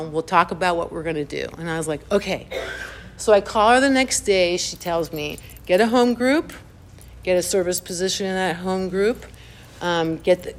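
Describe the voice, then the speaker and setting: A woman sharing her recovery story in animated, chatty personal storytelling, full of "like" fillers and acting out her own reactions. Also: fairly low pitch, a little hiss or hum.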